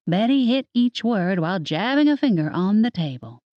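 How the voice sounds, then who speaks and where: A woman narrating an audiobook in an expressive storytelling manner, close to the mic. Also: mid-range voice, normal speed, no echo, muffled recording. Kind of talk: scripted narration.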